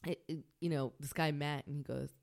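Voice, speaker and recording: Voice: medium pitch, fairly even intonation, a little fast, creaky. Sarcastic speaker telling an anecdote. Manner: sarcastic, acts out quotes. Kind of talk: casual storytelling.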